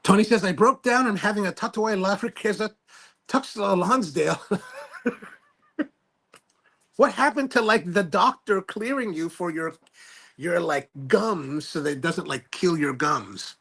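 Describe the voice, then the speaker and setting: Male livestream host, gravelly and husky tone, loose rambling self-deprecating delivery while reading viewer comments. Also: high-pitched, measured pace, long pauses, fairly bright tone. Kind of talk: casual chat, reading viewer comments aloud.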